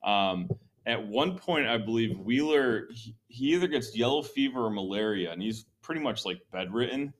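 A man hosting a history podcast, explaining events in a relaxed, conversational way with many ums and likes. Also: medium pitch, moderate pace, a little hiss or hum. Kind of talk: casual history talk.

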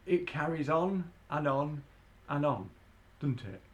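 A man's voice: a little high, slow pace. A man, chatting casually as a podcast co-host, agreeable and fond of tag questions. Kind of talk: casual chat.

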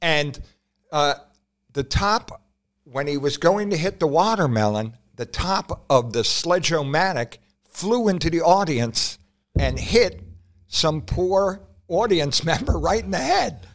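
A man in a casual podcast chat, speaking hesitantly with many pauses and dry quips. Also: fairly high pitch, very animated.

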